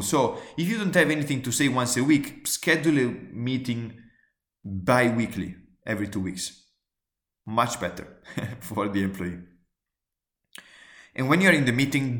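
A man speaking as a walks through advice tips in an earnest, emphatic way. He asks rhetorical questions and repeats his key points. His voice sits at a middle pitch and carries noticeable room echo. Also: moderate pace, long pauses, a bit bright. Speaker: presenter giving workplace advice. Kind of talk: spoken advice talk, numbered tips.

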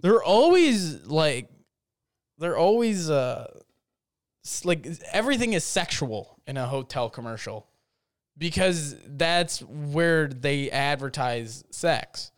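A man's voice: a little high, sing-song, takes it slowly, smooth, no room sound, clean studio sound. A young man telling a rambling, jokey story in a casual vlog, full of fillers and restarts. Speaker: vlogger.

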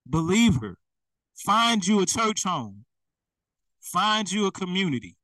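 A man's voice: sits high, big pitch swings, takes it slowly, pushed and bright, dry recording, recorded from a distance, rough recording. A man preaching a sermon, emphatic and repetitive, speaking straight to his listeners.

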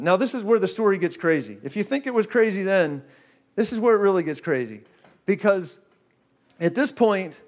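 Male preacher with a high voice, animated and fast in the story parts of a sermon. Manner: animated, fast storytelling with repeated "okay?" and "guess what".

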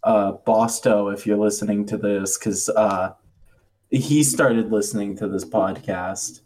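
A man's voice: lowish voice, fairly even intonation, unhurried, darkish tone, slight background noise. A man hosting a casual podcast chat, rambling and hesitant with lots of fillers. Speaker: podcast host.

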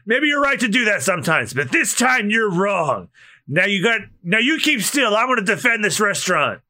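A man voicing a loud, brawny cook who shouts and blusters while defending his restaurant. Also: high voice, sing-song, normal speed, voice pushed up, exaggerated voice. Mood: defiant.

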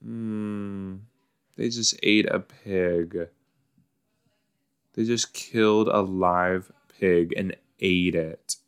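A man's voice: deep voice, steady tone, extremely slow, smooth. A man hosting a casual watch-along podcast, reacting chattily to a show with lots of likes and you-knows. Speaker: podcast host reacting to an episode.

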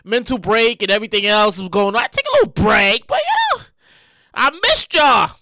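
A New York woman hosts a casual solo podcast, loud and animated, swearing and shouting as she vents. Her voice is high and very bright, and it swings widely in pitch. She is recorded dry on a close mic. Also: normal speed, dry recording. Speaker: podcast host.

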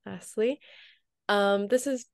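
A woman's voice: mid-range voice, fairly even intonation, takes it slowly, darkish tone, no echo. Woman interviewer, dry close sound. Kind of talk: casual interview.

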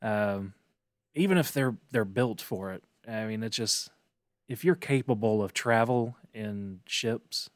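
A man's voice: on the low side, a little slow, no room sound, studio quality. A man co-hosting a podcast in casual chat, musing and speculating as he talks. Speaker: podcast co-host.

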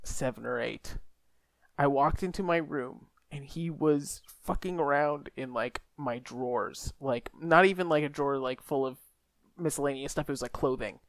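A man's voice: mid-range voice, normal speed, vocal fry, no echo. A man on a podcast telling a story, chatty and laughing through it, with casual swearing. His voice is recorded dry, with no room sound around it. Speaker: podcast co-host. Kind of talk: casual movie podcast chat.

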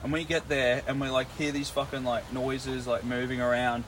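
Laid-back young aussie bloke. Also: male voice, mid-range voice, little pitch movement, normal speed, a bit bright, rough recording. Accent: Australian. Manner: laid-back, sweary storytelling with lots of "like". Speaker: podcast co-host. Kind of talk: casual chat. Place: inside a tent. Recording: noticeable background noise.

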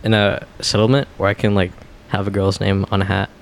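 Young male co-host, lowish voice, rambling and full of fillers. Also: monotone, a little fast, creaky, a little hiss or hum. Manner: rambling, hesitant, lots of fillers. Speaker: podcast co-host. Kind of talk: casual podcast chat.

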